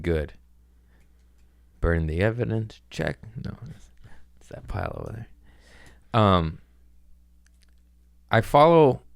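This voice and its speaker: A man's voice: low voice, clear, resonant tone, no echo, clean studio sound. A man hosting a podcast, rambling through a profane, self-mocking comedic monologue in casual chat. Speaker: podcast host.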